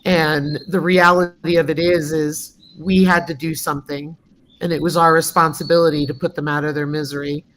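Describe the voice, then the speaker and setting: Bright-voiced woman chatting on a farm livestream. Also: deep voice, a little hiss or hum. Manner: chatty, storytelling with laughs. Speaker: livestream co-host. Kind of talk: casual chat. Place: home farm.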